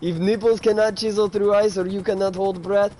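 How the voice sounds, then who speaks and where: A man putting on a mock foreign accent, playing a boastful man from a far-off land who speaks broken English with a deadpan delivery. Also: high voice, fairly quick, slight background noise, lightly acted.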